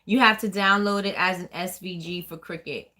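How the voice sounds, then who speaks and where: Chatty woman with a bright voice. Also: lowish voice, fairly even intonation, normal speed. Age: adult with a child. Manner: chatty, rambling, many fillers and restarts. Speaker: host of a small business live chat. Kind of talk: casual live chat answering viewer questions.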